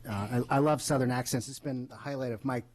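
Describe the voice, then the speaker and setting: A man's voice: mid-range voice, fairly even intonation, fast talker, a little mellow, slight background noise. A man on a school board speaking at a public meeting, paying tribute hesitantly with many uhs and ums.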